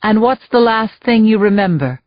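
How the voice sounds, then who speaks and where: A woman narrator voicing a steady, reassuring male doctor in his thirties. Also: a little high, moderate pace, dry recording, highs cut off, close to an everyday voice. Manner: assuring, steady.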